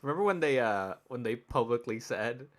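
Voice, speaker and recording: A man's voice: medium pitch, animated, normal speed. A man co-hosting a podcast in casual comedic chat, laid-back and agreeable, peppering his talk with "like" and "dude". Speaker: podcast co-host.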